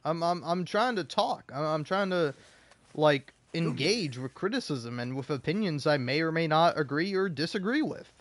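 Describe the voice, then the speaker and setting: A man's voice: fairly high pitch, normal speed, dry recording. A young man reading out comments and ranting about them in a casual, profane, rambling way while he plays a game. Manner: profane, animated, rambling with restarts.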